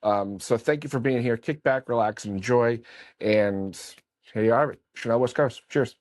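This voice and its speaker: A man's voice: mid-range voice, moderate pace, a little mellow, dry recording. A man in his late thirties hosting a podcast, talking loosely with lots of fillers and casual swearing. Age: late 30s. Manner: loose, rambling, with many fillers and mild swearing. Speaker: podcast host. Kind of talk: casual interview chat.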